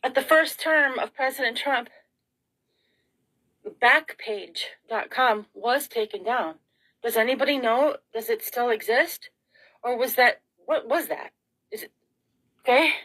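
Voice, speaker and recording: A middle-aged woman rants straight to camera in a somewhat high voice. She sounds frazzled and close to tears, sighing, breaking off mid-sentence and firing off rhetorical questions. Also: unhurried, long pauses, a bit bright, poor audio. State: tearful. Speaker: vlogger. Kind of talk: emotional rambling monologue.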